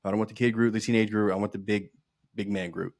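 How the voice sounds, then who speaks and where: A man co-hosting a podcast in casual chat, animated, swearing freely and laughing often. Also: on the low side, fast, dry recording, clean studio sound. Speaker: podcast co-host.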